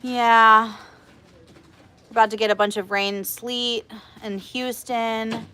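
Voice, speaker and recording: A woman hosting a casual livestream as media director, chatty and animated, often laughing. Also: a little high, moderate pace. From Texas.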